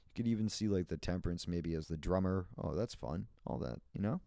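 A man's voice: sits low, fairly quick, creaky, dark tone, no room sound, clean studio sound. A man hosting a solo podcast, rambling in a playful, meandering way with frequent laughs and restarts. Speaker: podcast host.

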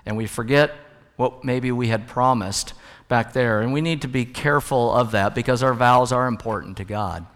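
A man's voice: mid-range voice, moderate pace, fairly bright tone. A male pastor preaching a sermon in a conversational way, with jokes and stories. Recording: long hall reverb.

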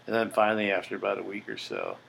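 A man's voice: on the low side, very animated, fast, creaky, fairly bright tone, a little hiss or hum, rough recording. An older man hosting a podcast, telling a story in a blunt, profane, boastful way. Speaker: podcast host. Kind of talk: casual storytelling monologue.

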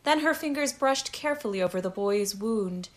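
A woman reading a story aloud as narrator, in a measured, even way. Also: medium pitch. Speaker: audiobook narrator. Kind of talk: scripted narration.

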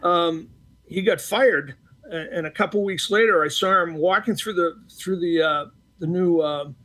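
A man's voice: sits high, moderate pace, sharp tone. A man from the Boston area telling anecdotes in a casual interview, acting out quoted exchanges between filler-laden restarts. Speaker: retired hockey referee, guest.

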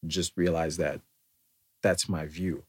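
A man's voice: sits low, steady tone, slow pace, slightly rough. An American man talking in a thoughtful, meandering way, with many fillers and restarts, in a reflective solo monologue. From United States.

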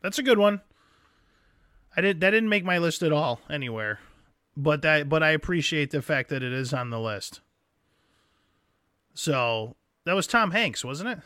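Bright animated guy cohosting a podcast, dry close mic. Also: a little high, moderate pace, pauses often, no echo. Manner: animated, acts out scenes in exaggerated voices. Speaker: podcast co-host. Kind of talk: casual chat.

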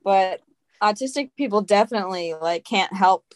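Woman host in relaxed chat. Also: medium pitch, moderate pace, no echo. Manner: brief agreeing replies. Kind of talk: casual chat.

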